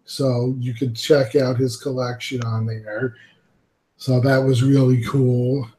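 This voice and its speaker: Slow relaxed man in a roomy echo. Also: medium pitch. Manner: relaxed, laughs easily, gives shout-outs. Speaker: podcast host. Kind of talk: casual panel chat.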